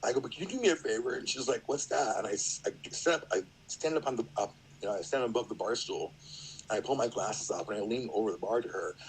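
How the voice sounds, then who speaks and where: A man's voice: on the low side, fast, slight background noise, low-quality recording. A middle-aged man, a podcast guest, telling a story in a rambling, casual way, full of fillers and acted-out quotes.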